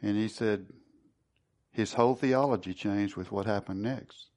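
Male Bible teacher, low voice, earnest and conversational, plain sermon delivery. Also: measured pace, a little mellow. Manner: earnest, conversational, stops to repeat words.

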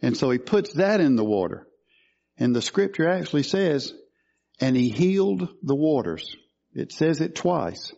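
Guy preaching, warm mellow voice, kinda dull lo-fi sound, asks the crowd questions. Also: a little high, big pitch swings, a little slow, creaky. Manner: teaching, asks questions of the congregation. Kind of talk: sermon.

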